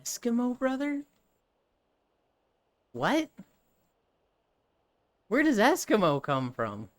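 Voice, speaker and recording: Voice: mid-range voice, wildly swooping pitch, slow pace. A live streamer in casual chat who rambles, swears freely, laughs often and answers chat as they go.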